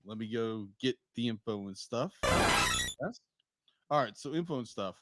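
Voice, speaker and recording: A man co-hosting a podcast, chatting casually with short, relaxed replies. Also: medium pitch, measured pace, loud music behind the voice. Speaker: podcast co-host.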